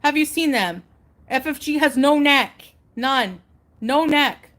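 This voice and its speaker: A woman's voice: high voice, animated, slow, fairly bright tone, no room sound. A woman mocking someone's looks in an irritated, gossipy way.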